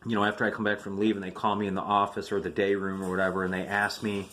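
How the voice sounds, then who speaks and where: A man's voice: lowish voice, level tone, fast, fairly bright tone, slight background noise. A man in his fifties, an army veteran, telling family military stories in a casual, rambling vlog full of fillers and restarts.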